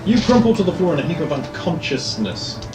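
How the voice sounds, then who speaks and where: A man's voice: on the high side, big pitch swings, fairly quick. A man narrating a tabletop game as game master, playful and theatrical. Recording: roomy, distant, music behind.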